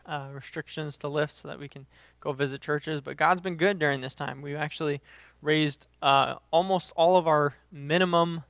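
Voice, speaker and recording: A man's voice: on the high side, a bit bright, smooth, no echo, clean studio sound. A young adult man, a missionary, giving an earnest, conversational devotional and reading scripture aloud, with frequent filler words. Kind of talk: short video devotional.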